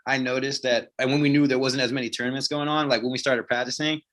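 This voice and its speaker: This is a young man with a drawl, chatting as a podcast guest in an animated, earnest way. His voice sits at a medium pitch, and he leans on "like" as he talks. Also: fast talker. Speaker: guest paintball player. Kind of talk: casual podcast chat.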